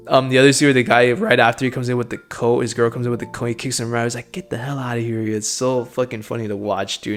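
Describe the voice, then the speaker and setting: A young man reviews a film casually and enthusiastically, dropping loose slang, light swearing, and constant "dude" and "bro." His clear, resonant voice sits at an ordinary middle pitch, and he talks as if chatting with a friend.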